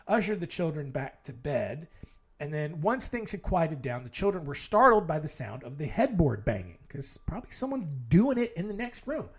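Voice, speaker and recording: A man's voice: fairly high pitch, husky. A man hosting a storytelling podcast, telling ghost stories in a wry, digressive way, full of fillers and asides. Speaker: podcast host.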